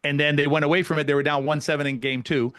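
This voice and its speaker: A man, a pickleball coach, telling stories in a casual podcast chat, animated and full of restarts. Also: on the high side, no echo, clean studio sound. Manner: fast, animated storytelling with many restarts.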